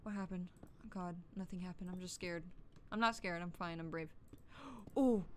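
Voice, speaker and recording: A woman's voice: fairly low pitch, fairly even intonation, fairly quick, a bit bright, slight background noise. A woman streamer chatting casually through gameplay, joking and swearing to herself and yelping when startled. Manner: chatty, profane, jokey self-talk; jumpy, yelps when startled. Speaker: gaming streamer.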